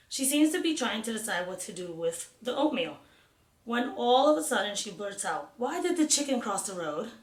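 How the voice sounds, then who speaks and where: A woman reading a novel aloud in a measured, unhurried way. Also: medium pitch. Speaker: reader. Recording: roomy echo.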